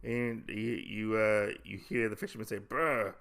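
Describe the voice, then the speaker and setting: A man's voice: on the low side, flat delivery, moderate pace, gravelly, clear, resonant tone. A man hosting a comic podcast, recapping a story in a casual, rambling, joking way, correcting himself as he goes. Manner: rambling, self-correcting, jokey.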